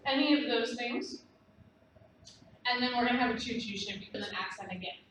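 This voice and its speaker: A woman's voice: fairly high pitch, normal speed, slight background noise. Woman teaching dance in a very echoey room. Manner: gentle, explanatory, counting out moves. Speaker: belly dance instructor. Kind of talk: dance lesson instruction. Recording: very echoey room, distant mic.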